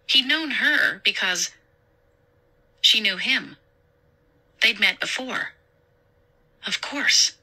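A woman narrating an audiobook slowly and deliberately. Her voice is bright and unhurried, in scripted narration. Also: mid-range voice, rough recording. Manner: slow, deliberate reading.

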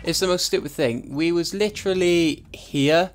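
A man's voice: fairly high pitch, moderate pace. Young male gaming host, loose foul-mouthed commentary over a faint music bed. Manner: chatty, swears freely. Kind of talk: casual let's-play commentary.

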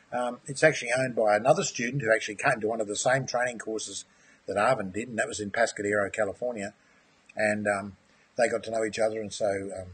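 Male instructor, husky voice, friendly live-webinar teacher who chats with viewers. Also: mid-range voice, fairly bright tone. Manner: friendly, enthusiastic, addresses viewers as mate. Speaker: aquaponics course instructor.

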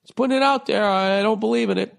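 A man putting on a high mocking voice for a woman who insists she is honest. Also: quick pace, gravelly.

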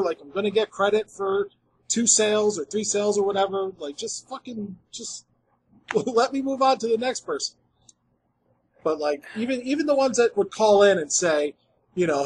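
A man co-hosting a podcast, chatting casually with some swearing, his voice often trailing off quietly. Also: high-pitched, husky, poor audio. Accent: American. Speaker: podcast co-host. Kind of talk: casual chat.

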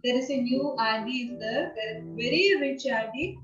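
A woman playing a poor, loving father in an amateur classroom skit, speaking softly and haltingly. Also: sits high, lively intonation, over music. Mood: pleading. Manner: pleading, soft and halting. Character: poor, loving father giving away his daughter. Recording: distant, roomy, dull sound.

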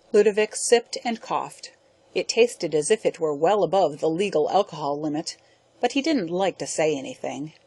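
A woman narrating a science fiction audiobook in a steady, measured reading. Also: fairly low pitch, no room sound. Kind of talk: scripted narration.

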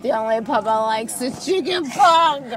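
A young woman talking drunk, loud and repetitive, slurring in a casual night-out chat. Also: fairly high pitch, animated, measured pace. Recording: loud crowd chatter behind.

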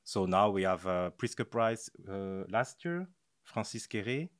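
Male podcast guest, deep voice, halting delivery with fillers, dry. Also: expressive, clean tone, no echo. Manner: hesitant, many pauses and fillers. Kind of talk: casual conversation.

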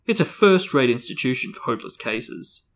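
A man reading aloud and voicing a blustering, overbearing middle-aged uncle, pitched up and eager. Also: very animated, normal speed, a bit bright. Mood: jovial, hearty.

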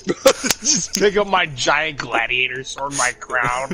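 A young man in casual gaming banter over voice chat, laughing often and breaking into sudden loud yelps. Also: mid-range voice, expressive, slow pace. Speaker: gamer in voice chat.

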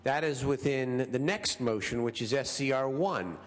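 A middle-aged man, a state senator, making measured procedural requests on the floor with some hesitant fillers. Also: mid-range voice. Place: large legislative chamber. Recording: reverberant legislative chamber.

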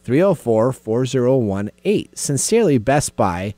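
A man hosting a casual radio tech talk show, chatty and quick to laugh as he reads emails aloud. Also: mid-range voice, very animated, warm tone, no room sound.

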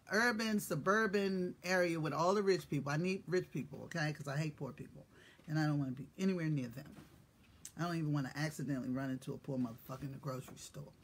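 A woman's voice: deep voice, fairly bright tone, husky. A middle-aged woman hosts a casual morning live stream, teasing, profane and playful, greeting viewers by name. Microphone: phone or webcam live stream.

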